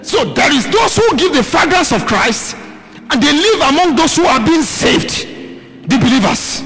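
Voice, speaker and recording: A male pastor preaching a live midweek sermon, calling out questions for the congregation to answer and shouting key words. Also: very high voice, very animated, measured pace. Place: church hall with live congregation. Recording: live hall recording, reverb, faint music.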